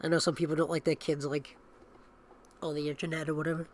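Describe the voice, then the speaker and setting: Fast-talking high-voiced man, animated. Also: a little hiss or hum. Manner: animated, acts out quotes in raised voices. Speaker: podcast co-host. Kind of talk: casual chat.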